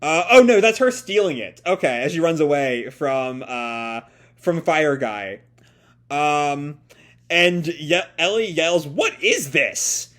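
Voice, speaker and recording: A man's voice: on the high side, takes it slowly, fairly bright tone. A man reading a comic chapter aloud and chatting about it casually, rambling with lots of fillers and laughter. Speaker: comic reaction host. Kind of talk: casual live reading and commentary.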